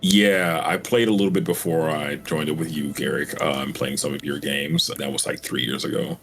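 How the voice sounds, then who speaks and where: A man's voice: a bass voice, fairly even intonation, normal speed, vocal fry, noisy background. A man casually introducing his tabletop character in an easygoing, rambling way. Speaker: player.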